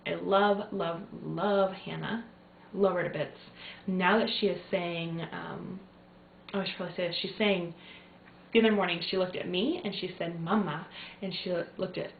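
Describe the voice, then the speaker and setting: A woman's voice: lowish voice, creaky, slight background noise. A young woman, a new mother, chatting casually to camera in a rambling way with many fillers. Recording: tinny lo-fi phone-like sound in echoey room.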